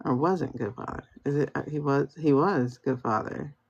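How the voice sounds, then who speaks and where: On a phone-recorded tarot livestream, a woman with a bass voice, vocal fry, and slight roughness talks at normal speed. She muses aloud in easygoing, slangy language, and the sound quality is dull and lo-fi.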